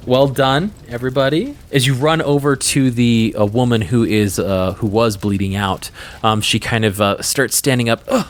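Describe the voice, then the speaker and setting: A man running a tabletop game as game master, narrating loosely with lots of fillers and laughs. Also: medium pitch.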